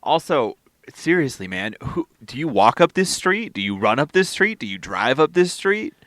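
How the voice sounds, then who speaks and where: Wry, lively-voiced man co-host. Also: on the high side, normal speed, no echo. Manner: dry, wry quips. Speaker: podcast co-host. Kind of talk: casual chat.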